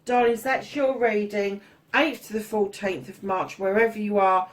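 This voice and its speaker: A woman's voice: mid-range voice, steady tone, normal speed. A woman doing a casual tarot reading, chatty and blunt, swearing freely and calling her listeners darlings. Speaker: tarot reader.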